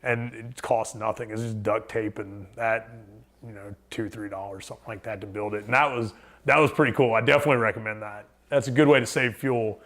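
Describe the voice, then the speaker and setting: A man's voice: fairly low pitch, steady tone, a little fast, fairly bright tone. A man, a podcast guest, talking casually and rambling with lots of fillers and restarts. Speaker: podcast guest, thru-hiker. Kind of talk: casual storytelling chat.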